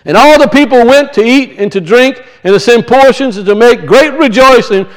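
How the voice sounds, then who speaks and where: A male preacher with a notably high-pitched voice. He moves between relaxed, homespun anecdotes and slow, emphatic scripture reading. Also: low-quality recording. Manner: folksy storytelling, rising to emphatic scripture reading. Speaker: pastor. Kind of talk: sermon.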